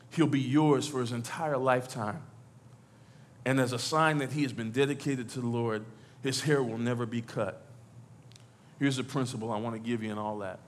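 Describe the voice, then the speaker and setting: A man preaching as pastor, talking to the congregation conversationally, acting out quotes and building to loud exhortation. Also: medium pitch, steady tone, normal speed. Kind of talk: sermon.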